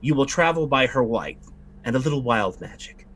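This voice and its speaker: A man's voice: medium pitch, animated, moderate pace, a bit bright. A man voicing a sly, imperious witch woman who curses when crossed, in a tabletop game. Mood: irked. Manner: tart, cursing when crossed.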